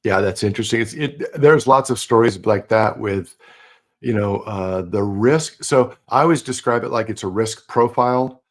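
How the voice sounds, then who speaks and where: A man's voice: lowish voice, normal speed. A man hosting a live online talk show, chatting loosely and joking about himself. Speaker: show host. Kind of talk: casual chat.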